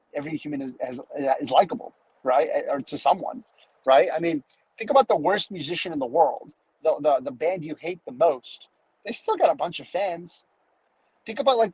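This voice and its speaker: Male business coach, husky, lively and casual, live online session. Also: fairly high pitch, no room sound, low-quality recording. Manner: casual, energetic, acts out quoted people.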